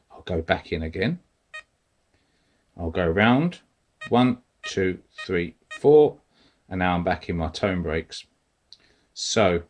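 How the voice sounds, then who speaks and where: A low-voiced metal detecting tutorial host walks through detector settings in a relaxed, casual way. He explains each step as he presses the buttons.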